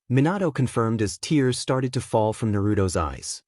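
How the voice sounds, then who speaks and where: A man narrating a fan fiction story in a steady, expressive reading. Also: lowish voice, normal speed, hardly any pauses, no echo, studio quality.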